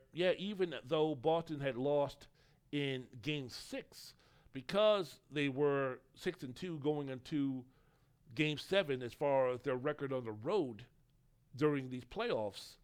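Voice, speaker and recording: A man's voice: mid-range voice, takes it slowly, clean tone. A man hosting a solo sports podcast, talking in a rambling, opinionated way and swearing casually. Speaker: podcast host.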